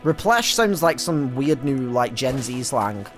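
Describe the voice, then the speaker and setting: A young British man giving casual, excitable commentary while playing a game, swearing often and stumbling over his words. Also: mid-range voice, measured pace, soft background music. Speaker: gaming streamer. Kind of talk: casual let's-play commentary.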